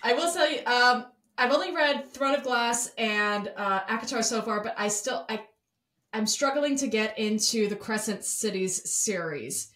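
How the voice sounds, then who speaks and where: A woman hosting a casual book podcast, chatty and quick, often restarting her sentences. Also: on the high side, lively intonation, bright, forceful tone, reverberant. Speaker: podcast host. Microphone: remote recording software.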